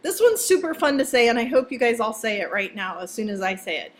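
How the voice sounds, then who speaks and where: A woman's voice: fairly high pitch, big pitch swings, fast. A woman teaching a vocabulary lesson to students in a playful, chatty way, joking as she goes. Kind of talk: casual classroom vocabulary lesson.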